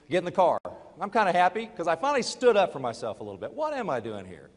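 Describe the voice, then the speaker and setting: A man's voice: medium pitch, big pitch swings, fast. Man telling his story in an echoing hall. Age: middle-aged. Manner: storytelling, shifts between quiet confession and loud urging. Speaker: network marketing speaker. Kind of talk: motivational talk to a live audience.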